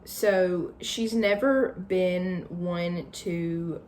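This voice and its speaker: A woman's voice: fairly low pitch, fairly even intonation, extremely slow, darkish tone, a little hiss or hum. A woman casually retelling a book's plot in a chatty way, hedging often with fillers. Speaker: book channel host.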